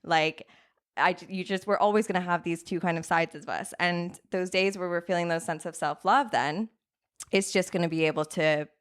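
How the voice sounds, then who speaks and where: A woman's voice: on the low side, fairly even intonation, normal speed, smooth. A woman in her thirties, a coach on a podcast, talking earnestly in casual interview style and often checking in with "right?". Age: 30s. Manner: earnest, acts out inner voices, says "right?" a lot. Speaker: guest coach.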